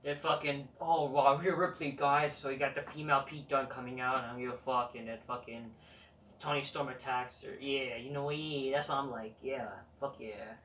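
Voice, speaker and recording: A man's voice: medium pitch, fairly even intonation, moderate pace, a bit bright. Swearing, rambling man in a roomy room. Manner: rambling, constant swearing, dismissive. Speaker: wrestling show reviewer, channel host. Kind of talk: profane rambling review rant. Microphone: camera mic. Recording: roomy, distant mic, faint noise.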